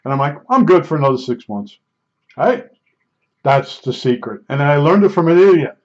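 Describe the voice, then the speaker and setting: Man, 60s, mid-high voice, casual digressive storyteller, blunt and folksy; dull lo-fi audio. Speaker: vlogger. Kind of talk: casual rambling monologue. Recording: dull lo-fi recording.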